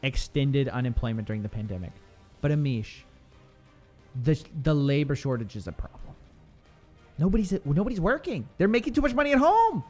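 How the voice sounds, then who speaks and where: A man's voice: on the high side, a little fast, soft background music. A man hosting a casual political chat, telling anecdotes in a rambling way with lots of fillers and restarts. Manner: animated storyteller, full of likes and restarts. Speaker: YouTuber podcast host.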